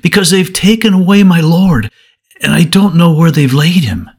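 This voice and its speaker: A man's voice: a little high, moderate pace, breathy edge, pitched above the performer's own voice. Devotional reading: man doing a grieving woman disciple, raised, pleading tone.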